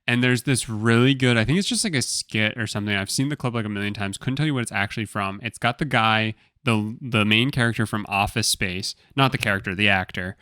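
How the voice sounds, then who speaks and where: A man's voice: fairly low pitch, fairly quick, few pauses, sharp tone, no echo, clean studio sound. Easygoing man cracking jokes on a podcast. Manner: joking, storytelling asides. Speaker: podcast co-host. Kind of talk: casual chat.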